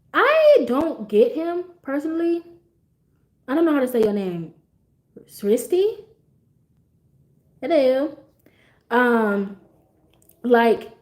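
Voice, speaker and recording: Young woman, stream host, casual and profane; slightly high voice with a very lively, bouncing delivery, quick to laugh. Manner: animated, blunt and profane, laughs often. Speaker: livestream host. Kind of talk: casual livestream chat.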